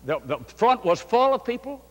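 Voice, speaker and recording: An older man, a pastor, preaching a sermon and telling a story with fervent rises and quiet drops. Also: big pitch swings, moderate pace. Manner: fervent preaching, voice swelling and dropping low. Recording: long hall reverb.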